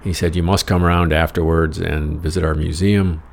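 Casting: American man, very low gravelly voice, wry profane storyteller, faint hiss behind. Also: flat delivery, normal speed. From United States. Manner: wry, profane, rambling with self-mocking asides. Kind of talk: casual personal storytelling.

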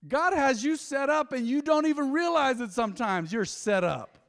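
A man pastor preaching a lively, joking sermon in a church. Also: very high-pitched, normal speed, vocal fry. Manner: animated, joking, folksy. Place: church sanctuary. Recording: long hall reverb.

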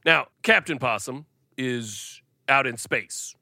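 Pedantic man, bright dry voice. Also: mid-range voice, takes it slowly, gravelly, dry recording. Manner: pedantic, earnest explainer. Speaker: podcast co-host. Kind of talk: casual comic chat.

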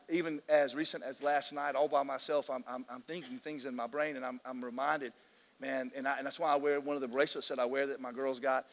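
A man preaching a sermon as pastor, emotional and excitable, often restarting his sentences. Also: medium pitch. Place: large church hall. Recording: long hall reverb.

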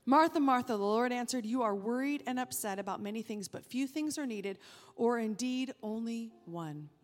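A woman preacher delivering a sermon, emphatic, rising when animated and dropping soft to stress a point. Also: fairly high pitch, moderate pace. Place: church sanctuary. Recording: reverberant hall with faint music.

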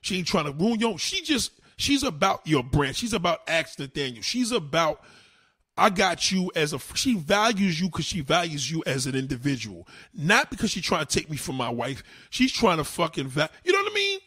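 Brief: husky New man in his thirties, lively swooping delivery, crude livestream rant. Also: fairly high pitch, normal speed. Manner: animated, crude, emphatic. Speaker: livestream host. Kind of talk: profane casual rant.

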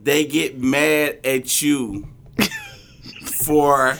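A man's voice: mid-range voice, steady tone, extremely slow, creaky, fairly bright tone, a little hiss or hum. A man co-hosting a podcast in casual chat, laid-back and chuckling as he talks. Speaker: podcast co-host.

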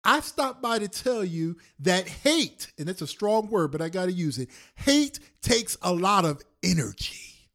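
A male pastor preaching a sermon on a prayer call, repeating lines slowly for emphasis and swinging between loud and soft. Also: sits high. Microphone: phone call.

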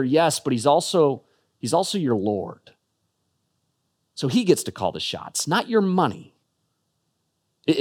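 A man giving an earnest, emphatic sermon-style talk as a Christian speaker, often stumbling into quick restarts. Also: mid-range voice.

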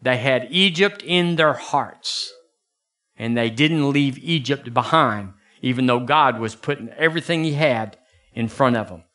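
A man preaching a sermon as pastor, folksy and animated, jumping into high bursts for emphasis. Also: measured pace.

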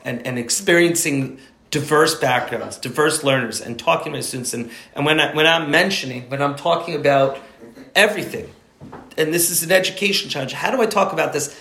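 A man's voice: on the high side, a little fast, sharp tone. A man teaching a study group in an informal lecture, rambling and emphatic, often restarting his sentences. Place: indoor room with a group. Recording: echoey room.

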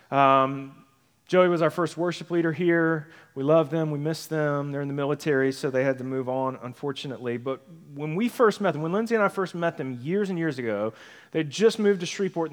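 A pastor preaching a sermon in a conversational style, often checking in with the congregation with tag questions. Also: male voice, a little high, a little fast, in a large hall. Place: church sanctuary.

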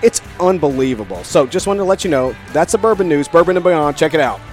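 A man hosting a casual radio podcast, talking with enthusiasm and warm affection for his co-hosts. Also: on the high side, animated, quick pace, faint music behind. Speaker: podcast host.

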